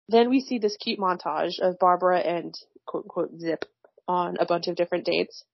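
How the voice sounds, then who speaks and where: A woman with a fairly low voice chats her way through a film plot, wry and slangy, with frequent laughter. The recording is dry and a little dull, with no room sound. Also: steady tone, normal speed, creaky, no room sound. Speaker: podcast co-host recapping a film. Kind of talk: casual chat.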